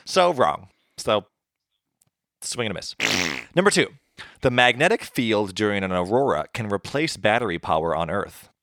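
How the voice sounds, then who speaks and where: Low-voiced man hosting a casual quiz. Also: expressive, moderate pace, creaky, a bit bright, no echo, clean studio sound. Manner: explains facts chattily with many fillers. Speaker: podcast host running a trivia quiz. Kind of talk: casual chat.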